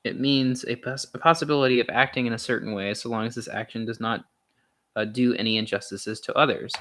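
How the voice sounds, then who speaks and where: A young man reading a philosophy text aloud in a casual way, pausing often with ums and restarts and adding wry, sarcastic asides. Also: mid-range voice, fairly even intonation, sharp tone. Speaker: channel host reading aloud.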